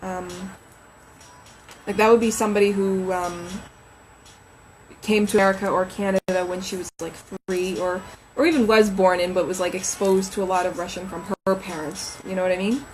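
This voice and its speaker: A woman's voice: mid-range voice, flat delivery, normal speed, slight background noise, rough recording. A woman novelist chatting on a casual livestream from home, rambling and reading names aloud as she thinks.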